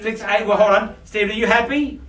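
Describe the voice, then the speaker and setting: A man calling bids in a live auction, with quick, playful patter for the bidders. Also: high voice, fairly even intonation, fairly bright tone. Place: auction room. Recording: echoey room from far off.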